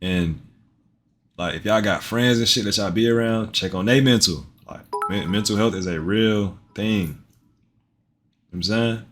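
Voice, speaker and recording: A man's voice: fairly low pitch, moderate pace, faint music behind. A man streaming live, commenting on a video in a loose, joking and profane way, often repeating himself.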